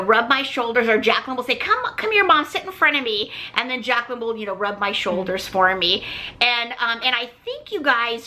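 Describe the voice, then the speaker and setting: A woman's voice: on the high side, sharp tone. A middle-aged woman hosting a vlog, telling a personal story in a chatty way and often turning to her viewers. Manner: chatty, keeps saying "you guys". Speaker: vlog host.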